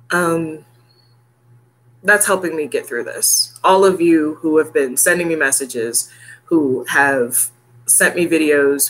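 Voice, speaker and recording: A woman's voice: low-pitched, a bit bright. A woman in her thirties talking casually and heartfelt to her viewers, laughing often. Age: 30s. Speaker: vlogger. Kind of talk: casual chat to camera.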